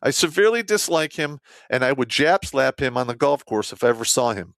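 This gravelly-voiced army veteran talks a little fast, telling a war story in a casual, profane, blunt way. He's animated, flipping between loud outbursts and low asides, and his dry, close recording has no echo.

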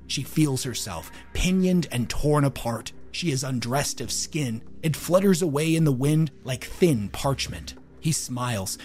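Measured male dark-fiction narrator. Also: medium pitch.

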